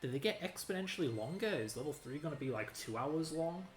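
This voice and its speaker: A woman's voice: deep voice, expressive, quick pace, echoey room, soft background music. A young woman streaming a retro game, talking bluntly and sarcastically, with plenty of swearing. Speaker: streamer playing retro games. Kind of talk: casual let's-play commentary.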